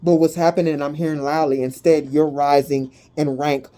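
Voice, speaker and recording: A woman gives her viewers a tarot and energy reading, her voice sitting low at a moderate pace. She talks in an animated, slangy way and suddenly whoops with excitement.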